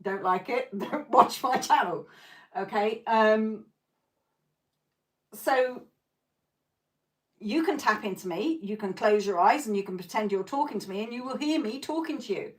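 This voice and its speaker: A woman's voice: a little high, lively intonation, measured pace, pauses often. A woman hosting a live tarot stream who chats with viewers in a blunt, profane way, laughs often, and keeps checking in with "okay?". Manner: coaching, repeats "okay?" to check in.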